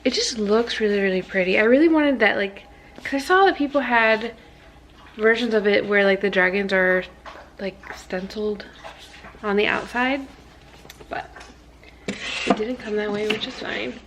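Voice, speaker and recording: A tired woman chatting casually to camera in a vlog, gushing and rambling with fillers and soft whispered asides. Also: medium pitch, a little slow, long pauses, slight background noise. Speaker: vlogger.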